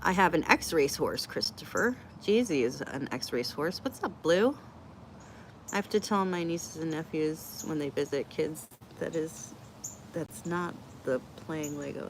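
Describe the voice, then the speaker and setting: A woman's voice: sits low, animated, measured pace, slight background noise. Chatty, blunt woman on a live stream. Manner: chatty, blunt and joking, reacting to comments. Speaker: livestream host answering chat. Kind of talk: casual live Q&A chat.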